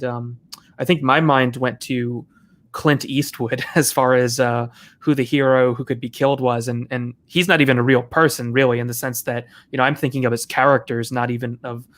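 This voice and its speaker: A man of middle pitch speaks in a flat, even tone with little rise and fall. He talks steadily through his points in a casual panel discussion. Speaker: panel guest.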